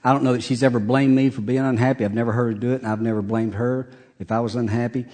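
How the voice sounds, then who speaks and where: A middle-aged male pastor preaching a sermon in a folksy, joking way, with big swings between loud and soft. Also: mid-range voice, steady tone, fast talker.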